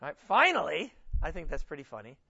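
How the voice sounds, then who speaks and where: A man's voice: on the high side, wildly swooping pitch, quick pace, vocal fry, pushed and bright, husky, lo-fi sound. A man preaching a conversational sermon, casually explaining scripture and correcting himself as he goes. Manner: informal, self-correcting, reads scripture aloud with emphasis. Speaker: pastor teaching a Bible study.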